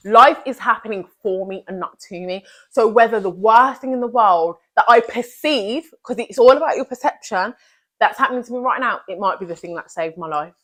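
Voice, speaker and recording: A woman's voice: fairly high pitch, brisk, a bit bright. A young woman giving an earnest, emphatic motivational talk as a vlogger, repeating her key phrases.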